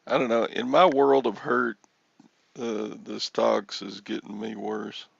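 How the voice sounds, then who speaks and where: A man with a deep, heavily gravelly voice chats on his livestream at an unhurried pace. He jokes and rambles between chuckles, and the stream audio sounds dull and lo-fi. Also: fairly even intonation. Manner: joking, rambling, chuckles often. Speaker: livestream host. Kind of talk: casual livestream chat.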